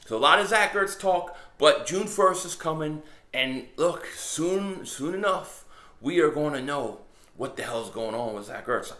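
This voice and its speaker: A middle-aged man giving a casual, emphatic fan rant as a sports vlogger, repeating his points with rising excitement. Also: mid-range voice, reverberant.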